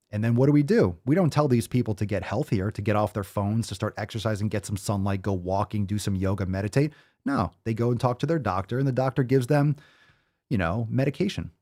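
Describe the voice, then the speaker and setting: A man's voice: lowish voice, mellow. A man hosting a podcast, ranting in a heated, mocking and foul-mouthed way. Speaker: podcast host. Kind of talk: profane fired-up rant.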